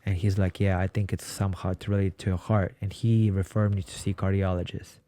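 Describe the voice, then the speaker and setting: A man's voice: low voice, flat delivery, fairly quick, warm tone. A man from Ukraine, a podcast guest, telling his story in a blunt, casual way and swearing freely. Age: 20s.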